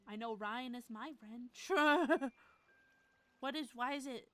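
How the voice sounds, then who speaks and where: A woman's voice: fairly high pitch, slow pace, pushed and bright, dry recording. A young woman live-streaming, chatting casually and scatterbrained with her viewers, laughing often. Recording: music playing behind.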